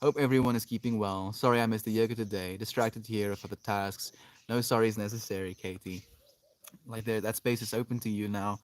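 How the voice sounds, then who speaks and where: A man livestreaming from an open field outdoors, chatting casually with his viewers in a meandering, reflective way, his sentences often trailing off softly. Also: on the low side, steady tone, a little fast. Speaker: livestreamer reading chat.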